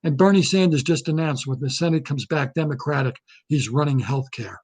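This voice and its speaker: This comedic ranter speaks a little fast in a husky, somewhat mellow voice that sits on the high side. His satirical political tirade to camera is indignant, heated and repetitive. The audio comes from a webcam or laptop mic.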